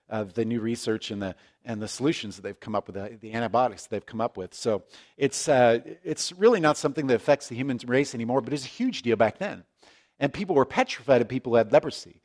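A man's voice: mid-range voice, darkish tone. A man preaching a conversational sermon, joking in asides and restarting his sentences as he explains the scripture. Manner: conversational, self-deprecating, frequent restarts and asides. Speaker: pastor.

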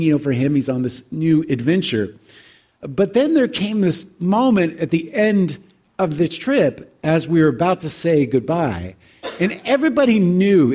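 A man's voice: mid-range voice, warm tone. A man in his forties telling a heartfelt personal story to an audience in a reflective, conversational way. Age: 40s. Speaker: speaker addressing an audience.

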